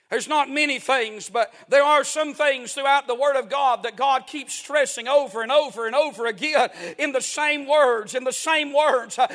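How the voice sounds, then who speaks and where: A man's voice: extremely high pitch, normal speed, few pauses, a bit bright. A male pastor preaching a sermon in a folksy, emphatic way, repeating key phrases.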